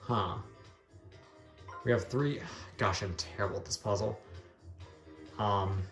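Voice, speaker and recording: A man's voice: lowish voice, slow, fairly bright tone, roomy sound, faint music behind. A man giving casual gameplay commentary, giggling and making fun of his own skills. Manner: giggly, self-deprecating chatter. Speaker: let's play host.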